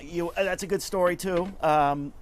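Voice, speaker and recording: A man's voice: sits high, fairly even intonation, moderate pace, slight background noise. A man guest in an interview, telling stories in an earnest, conversational way and often repeating words as he talks. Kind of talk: conversational storytelling.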